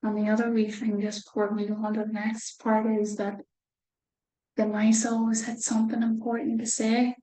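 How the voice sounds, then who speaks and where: A woman reading a picture book aloud to children, gentle, with soft whispered asides. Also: a little high, monotone, normal speed, roomy sound, a little hiss or hum, poor audio. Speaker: children's storyteller.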